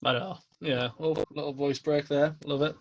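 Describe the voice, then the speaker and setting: A young British man hosting a casual interview podcast, relaxed and agreeable, laughing easily. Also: a little high, moderate pace, dull audio. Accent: British English. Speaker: podcast host.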